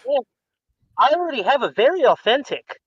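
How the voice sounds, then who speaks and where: High-voiced American man over a dull call. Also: sing-song, brisk, fairly bright tone, breathy edge, no echo. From United States. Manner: rambling, with frequent ums and restarts. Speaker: podcast guest. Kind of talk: casual chat. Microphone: online voice call.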